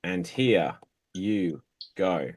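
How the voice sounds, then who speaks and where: A man hosting an online improv show over a video call, announcing in a slow, drawn-out way. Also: low voice, animated, darkish tone, slight background noise. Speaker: host.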